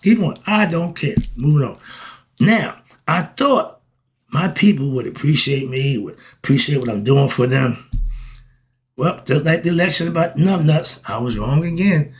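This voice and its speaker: An older man giving a preachy spiritual monologue to his viewers, firing rhetorical questions and swinging between loud exasperation and quiet asides. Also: a little high, expressive, moderate pace, slight background noise. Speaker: self-styled spiritual teacher.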